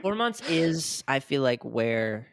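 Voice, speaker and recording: A person hosting a podcast in casual chat, asking relaxed, curious questions and giving short reactions. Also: mid-range voice, slow. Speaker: podcast host.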